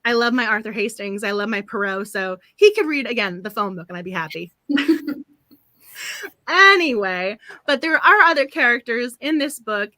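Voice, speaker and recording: Brief: chatty book club host, woman, giggly and apologetic, bright and sharp, high-ish voice. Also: expressive, normal speed, no room sound. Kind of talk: casual live-stream chat.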